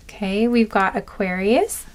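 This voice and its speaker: A woman doing a slow, soft-spoken pick-a-card reading, listing charms one by one with small asides. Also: mid-range voice. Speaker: tarot card reader.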